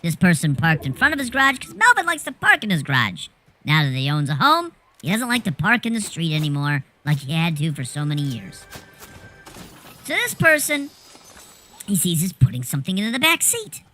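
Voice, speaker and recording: A woman telling a rambling anecdote in a casual, animated way, swearing freely as she goes. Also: fairly low pitch, a little fast, a little hiss or hum. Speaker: storyteller.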